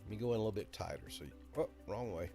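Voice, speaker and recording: A man's voice: fairly low pitch, expressive, racing, dark tone, faint music behind. Folksy Alabama-accented weatherman. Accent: Southern American, Alabama. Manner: folksy, chatty, storytelling. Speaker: weather broadcaster hosting live chat. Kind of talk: casual live-stream chat.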